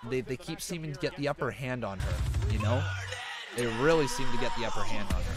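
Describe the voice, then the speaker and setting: A man with a mid-range voice gives casual, chatty commentary on a wrestling show during his live stream. He thanks viewers for donations as they come in and gets loud and excited at the big spots. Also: medium pitch.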